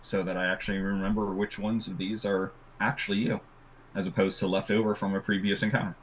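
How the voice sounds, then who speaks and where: Low-voiced man running a tabletop game. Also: quick pace, slight background noise. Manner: relaxed, lots of ums and uhs. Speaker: game master. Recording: muffled lo-fi audio.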